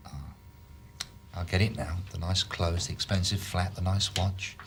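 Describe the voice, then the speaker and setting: A man's voice: low-pitched, little pitch movement, moderate pace, a bit bright, slight background noise. An actor playing a male police detective who questions a suspect with sardonic, probing remarks.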